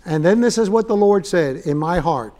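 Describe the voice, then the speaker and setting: Male guest preacher, high-pitched, storytelling sermon full of jokes and acted-out quotes. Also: animated, moderate pace, warm tone. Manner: humorous, acts out quoted dialogue.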